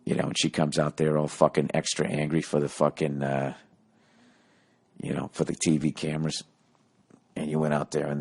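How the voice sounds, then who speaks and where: A man's voice: extremely low pitch, little pitch movement, normal speed, gravelly, long pauses, a little mellow. A man in his late forties hosting a podcast, rambling through a profane, self-mocking comedic rant. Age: 40s. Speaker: podcast host.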